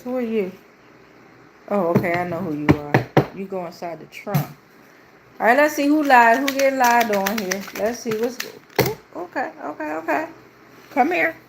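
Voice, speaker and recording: On a livestream with a noisy background, a woman tarot reader gives a casual, playful reading, slangy and loose with her cursing. For a protective prayer, she slips into a low, steady voice.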